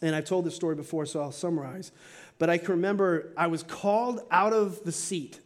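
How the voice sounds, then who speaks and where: A middle-aged male pastor preaching a sermon to his church, earnest, with slow emphatic stretches and quick asides. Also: on the high side. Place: church sanctuary.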